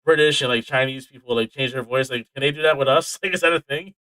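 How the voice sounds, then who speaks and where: A man co-hosting a casual podcast, telling stories with animated energy, plenty of swearing and laughter. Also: medium pitch, fast, no echo, rough recording. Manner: animated storytelling, heavy swearing, frequent laughs. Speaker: podcast co-host. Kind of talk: casual chat.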